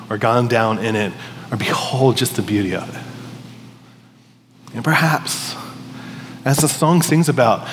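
A man giving a sermon in a casual, storytelling manner, stumbling over words now and then. His mid-pitched voice carries a long hall reverb over faint background noise. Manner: conversational, storytelling with restarts. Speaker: pastor.

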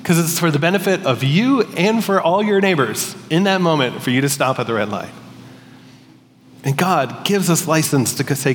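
A man giving a sermon in a casual, storytelling manner, stumbling over words now and then. His mid-pitched voice carries a long hall reverb over faint background noise. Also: expressive, normal speed. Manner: conversational, storytelling with restarts. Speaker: pastor.

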